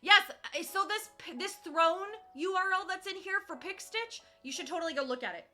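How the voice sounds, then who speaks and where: Young woman streamer, high piercing voice, chatty and teasing, swears freely, crafting on stream. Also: normal speed, sharp tone, soft background music. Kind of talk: casual live-stream chat while cross-stitching.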